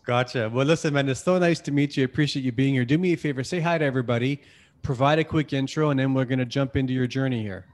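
A man's voice: medium pitch, quick pace, darkish tone. Canadian guy hosting a podcast, medium voice, friendly and chatty. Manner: friendly, chatty, says "hey, listen" and "man". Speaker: podcast host. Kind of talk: casual interview hosting.

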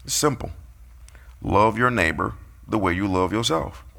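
A man's voice: on the low side, animated, a little slow, vocal fry, pushed and bright. A man preaching a sermon, playfully calling out his congregation and acting out quotes.

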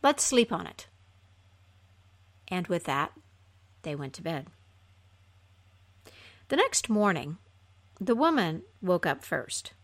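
A woman telling a fairy tale aloud in an unhurried, expressive way, her voice softening at the ends of phrases. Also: fairly low pitch. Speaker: storyteller.

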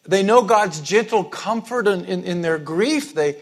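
Male pastor, slightly high voice, conversational sermon delivery with many restarts and sharp emphatic rises. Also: expressive, a little slow, soft background music. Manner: conversational preaching with frequent repetitions and restarts; rises to emphatic high-pitched stresses on key words.

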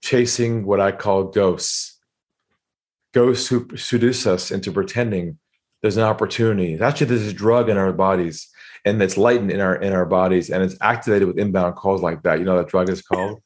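A man with a fairly low voice talks as a guest on a podcast. He tells a sales story and acts out the phone calls in shifting voices. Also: steady tone, normal speed. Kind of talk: storytelling interview talk.

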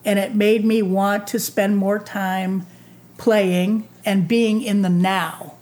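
A woman in her sixties who has just retired from teaching talks at an unhurried pace, letting her phrases stretch out. Her voice sits at an ordinary middle pitch. She sounds reflective and considered. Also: flat delivery, a little mellow. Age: 60s. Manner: slow, thoughtful, drawn-out phrasing. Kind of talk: reflective talk.

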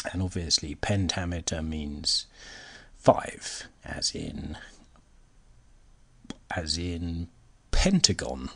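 A man's voice: extremely low pitch, creaky, sharp tone, slightly rough. A man hosting a solo podcast, talking hesitantly with many fillers and restarts, his voice sometimes sinking to a near-whisper. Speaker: podcast host. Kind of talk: solo educational podcast talk. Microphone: laptop recording.

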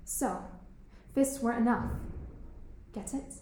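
Actress playing a sharp-tongued cynical schoolgirl, high voice, big echoey hall, stage play. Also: slow pace, a little hiss or hum. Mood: probing. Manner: provocative, mocking. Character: cynical, intense teen girl student.

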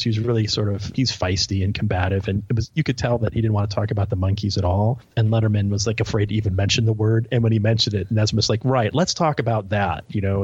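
A man's voice: lowish voice, a little hiss or hum. A man co-hosting a podcast, telling stories animatedly in casual chat, often stammering and repeating words. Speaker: podcast co-host. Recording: dull lo-fi audio.

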